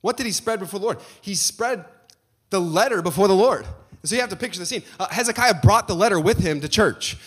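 A man's voice: high voice, animated, fairly quick, husky. A middle-aged man preaching a sermon as pastor, emphatic and building to passionate peaks.

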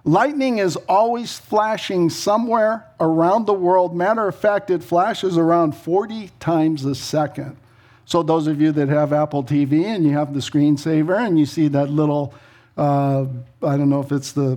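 A middle-aged male pastor with a rather high voice preaches a sermon. He talks in a chatty storytelling way, breaks into laughs, and throws in quick asides before reading scripture. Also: steady tone, mellow.

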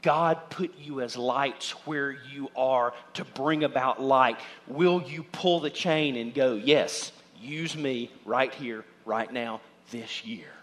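A man preaching a sermon as pastor, speaking in turn for imagined listeners and his own thoughts, and building to loud, shouted exhortation. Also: mid-range voice, slow, few pauses.

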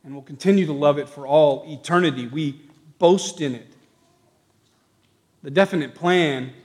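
A man preaching a sermon to his congregation, moving from quiet reflection to raised, emphatic declarations. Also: fairly high pitch, moderate pace. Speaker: pastor. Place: church sanctuary. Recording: long reverb of a church hall.

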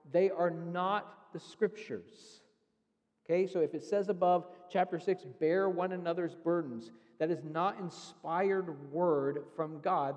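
A man's voice: a little high, a little mellow, big-room sound. A man preaching a sermon as pastor, earnestly explaining scripture step by step. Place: church sanctuary.

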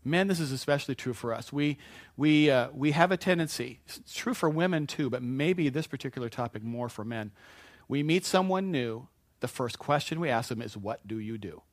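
A male pastor preaching in an easygoing, storytelling way, restarting sentences as he goes. His voice sits at an ordinary middle pitch and sounds dry and close, with no room around it. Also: normal speed, no echo. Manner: folksy, anecdotal, with frequent restarts. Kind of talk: conversational sermon.

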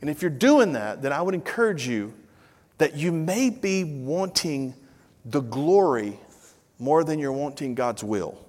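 A middle-aged man preaching a sermon, telling a family story with lively acted-out dialogue before turning to earnest exhortation. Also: on the high side. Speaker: pastor. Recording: long reverb of a large hall.

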